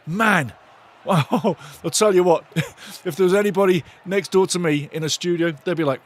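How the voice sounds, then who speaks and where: A man hosting a live football watch-along, shouting and swearing excitedly while calling the play and reading out chat messages. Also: high-pitched, normal speed. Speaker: watch-along host and fan commentator. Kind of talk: live fan match commentary, reading chat.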